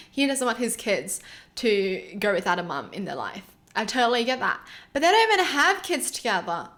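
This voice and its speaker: Expressive, fairly high-voiced woman commentator. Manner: expressive and emotional, exclaiming and laughing in reaction. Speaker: channel host reading and reacting to online posts. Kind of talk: casual commentary reacting to read-out stories.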